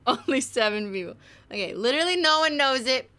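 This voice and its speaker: Bright-voiced woman streaming a game; casual, giggly, chats to viewers. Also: medium pitch, expressive, normal speed, smooth. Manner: chatty, laughs often, reads game text aloud. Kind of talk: casual gameplay commentary.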